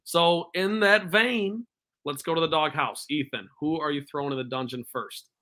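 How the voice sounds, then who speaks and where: A young man with a bright, forceful voice sitting a little high for a man. He co-hosts a casual sports podcast and talks emphatically, ribbing his friends and laying on the trash talk. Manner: emphatic, trash-talking, quick to joke. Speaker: podcast co-host. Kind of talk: casual fantasy football chat.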